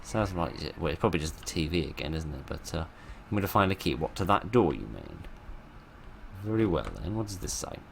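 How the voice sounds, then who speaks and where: A man's voice: deep voice, very animated, fairly quick, vocal fry, a little hiss or hum. A man giving casual, wry commentary while playing a game, full of sarcastic asides. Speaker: let's play host.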